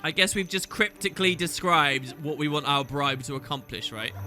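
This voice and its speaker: A man commentating a let's play, chatty and relaxed, sometimes reading game lines in voices. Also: a little high, moderate pace, music in the background. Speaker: gaming YouTuber.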